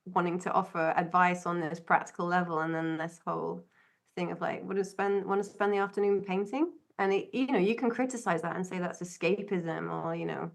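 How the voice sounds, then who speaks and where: A woman's voice: lowish voice, steady tone, a little fast, vocal fry. Earnest reflective woman podcaster. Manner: earnest, searching, with frequent restarts. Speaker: podcast co-host. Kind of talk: reflective conversational storytelling.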